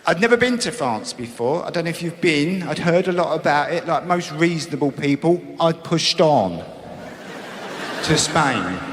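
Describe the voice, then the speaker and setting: A man's voice: a little high, sing-song, normal speed, slight background noise. A man performing a stand-up routine, talking in blunt, sweary banter. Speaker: stand-up comedian. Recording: echoey live hall, loud audience.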